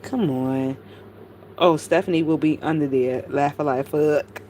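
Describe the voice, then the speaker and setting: A woman's voice: low-pitched, moderate pace, a little hiss or hum. Profane rambling woman ranting to her chat. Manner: profane, animated, rambling storytelling. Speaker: commentary streamer. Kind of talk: casual rant to a live chat.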